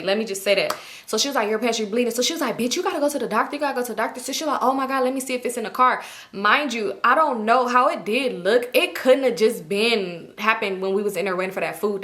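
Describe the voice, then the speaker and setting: Woman storyteller, high bright voice, blunt and profane, casual vlog delivery. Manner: candid, profane, retells with quoted dialogue. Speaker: storytime YouTuber.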